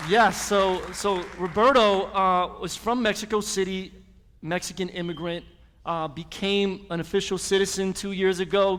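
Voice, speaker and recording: Upbeat pastor in a big church hall. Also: male voice, high voice, fairly even intonation, moderate pace, fairly bright tone, slight background noise. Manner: casual, hyping up the crowd. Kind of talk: sermon with guest testimonies. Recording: live in a reverberant hall.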